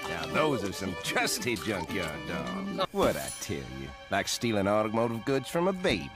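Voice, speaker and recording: A man's voice: lowish voice, wildly swooping pitch, moderate pace, loud music behind the voice. An actor voicing a scheming male hillbilly junkyard thief with a folksy, slangy drawl.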